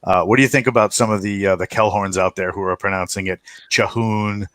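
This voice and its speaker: A man hosting a podcast in casual group chat, laughing often and filling pauses with many "uh"s and restarts. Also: low-pitched, steady tone, fairly bright tone, dry recording. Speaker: podcast host.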